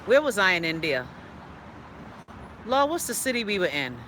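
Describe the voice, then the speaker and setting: Chatty and outspoken, this Bahamian woman reads viewer comments aloud on her live online show from indoors, with playful asides in dialect. Her medium-pitched, sharp voice swings widely in pitch at a moderate pace, and a little hiss or hum is present.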